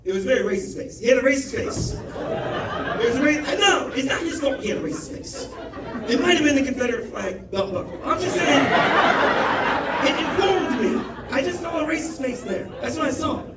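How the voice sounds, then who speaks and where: Stand-up comic, male, high voice, rambling profane storyteller; roomy live club recording with crowd laughter. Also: very animated, a little fast, far from the mic, heavy background noise. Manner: loose, profane, conversational storytelling with asides. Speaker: stand-up comedian. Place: comedy club stage with a laughing audience.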